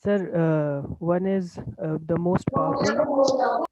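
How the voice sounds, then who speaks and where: A man's voice: sits high, lively intonation, slow. A man in an online class answering the teacher hesitantly, stopping often as he searches for the answer. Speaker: class participant. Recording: faint, dull, noisy call audio.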